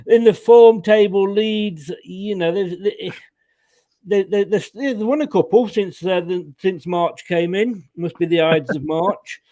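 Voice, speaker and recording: A fairly high-voiced man chats animatedly about football predictions, laughing a lot and stumbling over repeated words. His audio is dry and close, as if from a video call mic. The feel is loose and jokey. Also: darkish tone, no echo. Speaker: pundit guest. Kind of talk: casual football banter.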